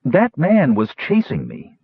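A man's voice: mid-range voice, wildly swooping pitch, slow, husky, no room sound, voice pushed up, exaggerated voice. A man voicing an impish young barmaid who hisses and protests. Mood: protesting. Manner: hissing, cheeky. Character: impish red-haired barmaid girl. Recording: tinny phone-like audiobook recording.

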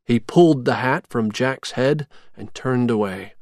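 A narrator reading a simple storybook clearly and expressively. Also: mid-range voice, unhurried, darkish tone, no echo, studio quality. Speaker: audiobook narrator. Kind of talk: graded reader storybook narration.

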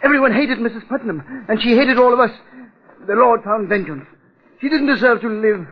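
An actor playing a frightened old butler in a 1940s radio drama, his voice shrill, trembling, and cryptic. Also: sing-song, normal speed, big-room sound, natural voice. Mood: fearful. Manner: shrill, trembling, rising to near-hysteria. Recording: tinny lo-fi old radio broadcast.

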